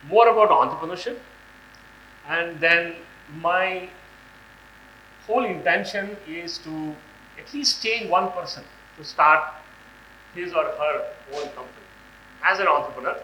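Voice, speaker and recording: Hoarse man in his 40s, halting talk, bright edgy voice, roomy hall with faint hum. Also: on the high side. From India. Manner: halting, many fillers and restarts. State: hoarse from a cold. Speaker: guest speaker. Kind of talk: conference talk. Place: large hall on stage.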